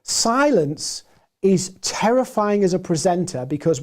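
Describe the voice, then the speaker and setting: A man with a gruff, hoarse voice presenting a live webinar, animated and deliberate, moving between loud points and quiet pauses. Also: high-pitched. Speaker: webinar presenter and sales trainer.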